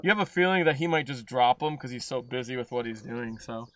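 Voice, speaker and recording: A man's voice: mid-range voice, fairly quick, a bit bright. Hesitant male game master. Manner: hesitant, many fillers. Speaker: dungeon master. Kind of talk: narrating a tabletop game.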